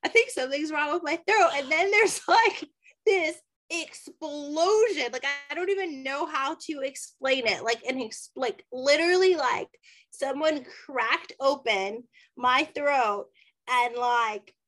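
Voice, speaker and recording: Guesting on a podcast, a woman tells a personal story in a relaxed chat, her high voice moving at a slightly slow pace. She animatedly performs the dialogue and says "like" again and again.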